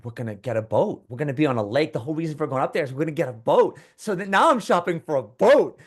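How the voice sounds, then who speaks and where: A man co-hosting, telling a long personal story in a rambling, animated way with many restarts. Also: a little high, fast talker, few pauses. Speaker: co-host. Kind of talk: casual storytelling.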